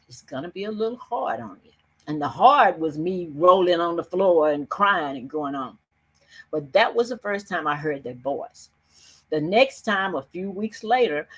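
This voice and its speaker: Older woman telling a story, husky voice. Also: fairly low pitch. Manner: earnest, emphatic, speeds up and slows down. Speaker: summit speaker. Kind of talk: personal storytelling on a video call. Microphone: video call.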